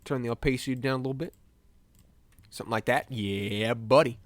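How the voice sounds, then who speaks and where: A man's voice: medium pitch, brisk, no room sound, clean studio sound. A young American man chatting casually while he edits images live for a stream, rambling, joking at himself and laughing often. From United States.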